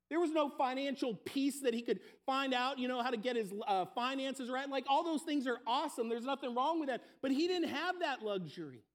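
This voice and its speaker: A man preaching a sermon, telling everyday stories and acting out the people in them. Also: very high-pitched. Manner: storytelling, acting out everyday scenes. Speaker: pastor.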